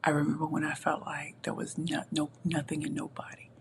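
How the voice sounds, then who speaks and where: Passionate woman guest, soft at times. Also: low voice, monotone, a little fast, background noise. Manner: passionate, emphatic, heartfelt. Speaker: guest, entrepreneur and pitch champion. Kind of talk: podcast interview. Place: home with a balcony, city view. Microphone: computer.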